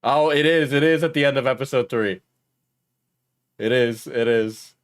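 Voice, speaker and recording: Young male streamer, casual and profane, dry close sound, mid pitch. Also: normal speed, dry recording. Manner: loose, profane, laughs often, mumbles while searching. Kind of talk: casual stream chat, reacting to clips.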